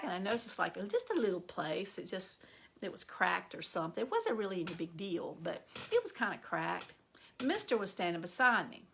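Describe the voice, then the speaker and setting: Middle-aged woman, chatty excitable storyteller, gravelly voice for a casual vlog. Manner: excitable, chatty storyteller with bursts of high-pitched delight. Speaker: vlogger showing yard sale finds.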